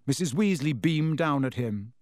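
A man narrating a children's storybook in a steady, clear reading voice. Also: on the high side, moderate pace, no room sound, studio quality. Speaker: audiobook narrator.

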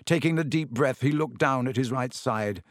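A man's voice: medium pitch, no room sound. Man reading a story, dry close sound. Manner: steady, measured storytelling with acted dialogue. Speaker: narrator. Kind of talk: audiobook reading.

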